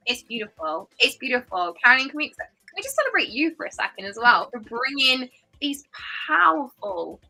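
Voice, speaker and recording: A woman's voice: on the high side, sharp tone, rough recording. A woman guest on a video call, speaking effusively and from the heart in casual chat.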